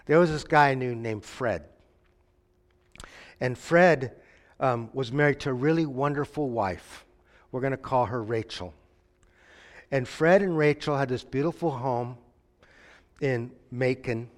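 A man preaches an interactive sermon, questioning his listeners, inviting them to call out answers, and telling stories with acted-out voices. His voice is medium in pitch, his pace measured with frequent pauses, and a long hall reverb fills the recording.

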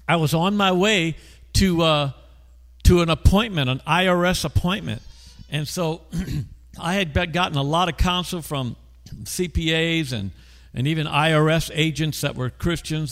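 A man's voice: fairly high pitch, long reverb tail. A male pastor telling a story in a conversational sermon, often putting questions to the congregation.

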